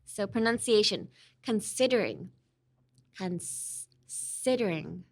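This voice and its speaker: In this studio-quality, dry recording, a young woman from Los Angeles, USA, speaks slowly at medium pitch with lively intonation. She hosts and teaches a casual language lesson on a podcast, chatty and mixing Japanese with English freely while illustrating points with examples.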